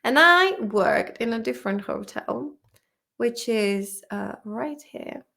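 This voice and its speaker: Woman english teacher, casual and emotional, laughs and swears a lot, bit high voice. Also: lively intonation, takes it slowly, creaky, bright, forceful tone. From Czech Republic. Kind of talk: casual vlog-style study session.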